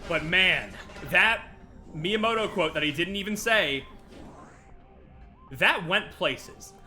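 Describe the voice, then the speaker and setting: A man's voice: high-pitched, animated, slow, sharp tone, a little hiss or hum. A man streaming a video game, ranting casually with lots of laughter and swearing. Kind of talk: casual gameplay stream commentary.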